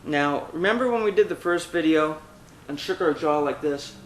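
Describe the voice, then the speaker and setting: A singing teacher, a man with a slightly high voice, walks through a vocal technique lesson one exercise at a time, belting out loud sung vowels and meows as demonstrations. He talks at a normal speed in an echoey room, and the low-quality recording has a bit of background noise.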